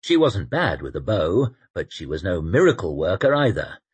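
A man reading an audiobook with vivid, expressive storytelling. His voice is husky, and his pitch moves widely up and down through the action. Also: normal speed. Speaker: audiobook narrator. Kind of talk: scripted narration.

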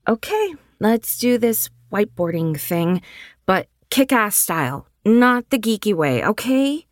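A woman's voice: medium pitch, sing-song, unhurried, no echo, studio quality, voice pushed up. A woman voicing a bubbly, reckless young woman who is someone's little sister, eager and bossy.

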